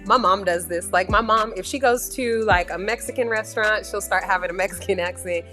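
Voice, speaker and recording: A woman co-host in casual chat, animated and playful as she reacts. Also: medium pitch, brisk, faint music behind.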